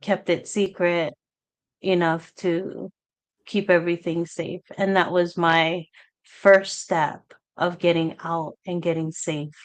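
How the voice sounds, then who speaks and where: Brief: unhurried woman guest, earnest and halting, personal testimony. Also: fairly low pitch, little pitch movement. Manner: halting, earnest, reenacts past talk in quotes. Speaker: guest sharing her story. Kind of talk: personal testimony on a live talk show.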